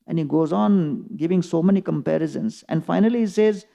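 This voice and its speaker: Sex: male. Role: preacher giving a scripture class. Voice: high, gravelly. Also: brisk, few pauses. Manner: storytelling, animated retelling. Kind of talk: scripture lecture.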